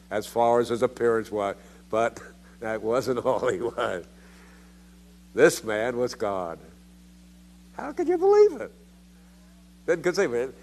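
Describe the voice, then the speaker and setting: Older guy preaching a theology class, middle pitched, gets loud and high on the big points. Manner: emphatic, with rhetorical questions and sudden rises in pitch. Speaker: theology lecturer.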